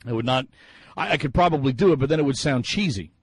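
A man's voice: medium pitch, lively intonation, quick pace, husky, dry recording, poor audio. A man hosting a sports talk radio show, musing in a chatty way with many fillers and restarts.

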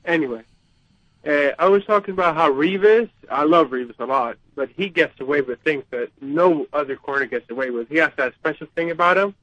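A man's voice: fairly high pitch, fairly quick, fairly bright tone, dry recording. A young man from Sweden with a slight Swedish accent under American English, calling in to a sports radio show, apologetic and a little hesitant. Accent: Swedish-tinged American English. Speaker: caller. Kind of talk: call-in radio chat. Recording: dull lo-fi phone line.

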